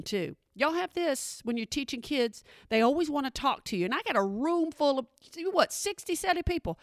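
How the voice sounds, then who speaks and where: Lady doing standup, sassy, dry asides, slightly high voice. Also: fairly bright tone, no room sound. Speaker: comedian. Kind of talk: stand-up comedy.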